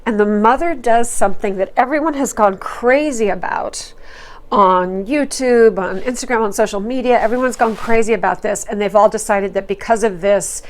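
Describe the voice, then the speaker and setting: A woman's voice: medium pitch, moderate pace. Chatty woman recapping reality TV. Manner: chatty and opinionated, with fillers and quoted asides. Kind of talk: casual commentary.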